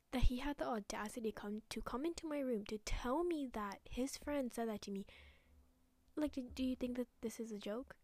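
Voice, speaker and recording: A woman's voice: fairly high pitch, moderate pace, no echo. Profane, angry young woman ranting. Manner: angry, profane, dips into hushed asides. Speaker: podcast host. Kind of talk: casual solo podcast rant.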